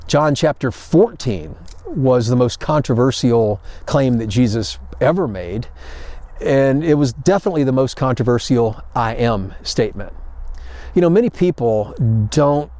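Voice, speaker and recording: A man's voice: medium pitch, animated, moderate pace, mellow. A man pastor preaching a sermon in a conversational storytelling way, acting out paraphrased quotes.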